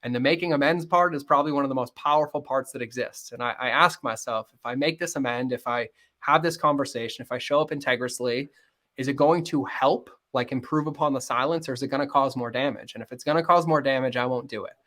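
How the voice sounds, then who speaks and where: Earnest man, bright voice, podcast guest. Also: medium pitch. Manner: earnest, fast-flowing, acts out quoted dialogue. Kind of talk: candid interview conversation.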